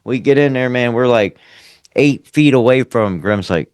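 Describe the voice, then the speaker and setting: A man's voice: medium pitch, normal speed, clean tone, no echo, clean studio sound. A podcast co-host telling a story in a loose, enthusiastic way, full of "uh" and "man". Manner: enthusiastic, filler-heavy. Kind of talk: casual chat.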